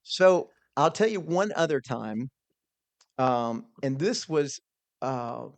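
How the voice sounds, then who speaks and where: A man telling an earnest, animated personal story as a podcast guest, quoting his own thoughts along the way. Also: mid-range voice, slow, no room sound. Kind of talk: storytelling in a conversation.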